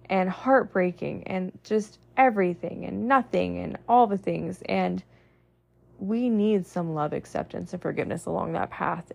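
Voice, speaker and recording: A woman's voice: fairly low pitch, vocal fry, a little mellow. A woman hosting a podcast, giving a heartfelt motivational monologue in an earnest way, stacking long lists and often saying "like". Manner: earnest, repetitive lists, frequent "like" fillers. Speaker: podcast host.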